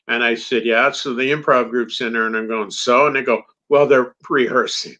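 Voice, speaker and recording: Middle-aged male comedian, animated anecdote teller with a bright, forceful tone; dull lo-fi recording. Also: mid-range voice, normal speed. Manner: animated anecdote teller, acts out quoted dialogue. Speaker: comedian guest. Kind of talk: storytelling in a podcast interview. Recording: dull lo-fi sound.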